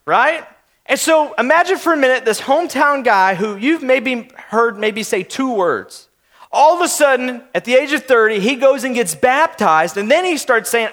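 A young adult man preaching a sermon as pastor, playful and animated, acting out skeptical townspeople in quick asides. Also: high-pitched.

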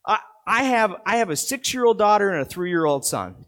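A man's voice: high-pitched, sing-song, moderate pace, few pauses, fairly bright tone. A man in his thirties preaching a sermon in an earnest, conversational way, with a lot of repetition. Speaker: pastor.

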